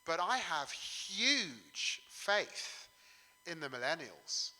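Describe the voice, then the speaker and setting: A man's voice: fairly high pitch, big pitch swings, drawn-out words, sharp tone, in a large hall, rough recording. A man in his forties from England speaking on a public panel, emphatic, with his voice rising and falling and the odd filler.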